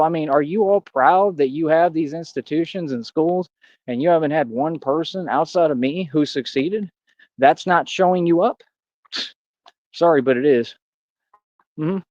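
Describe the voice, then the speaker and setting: A man's voice: on the high side, darkish tone, dry recording, lo-fi sound. A man in a rambling livestream rant, boastful and combative, talking straight at his critics. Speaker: streamer.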